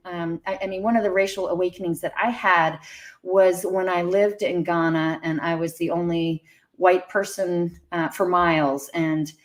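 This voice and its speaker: A woman hosting a live online interview, asking reflective, curious questions. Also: medium pitch. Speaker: host.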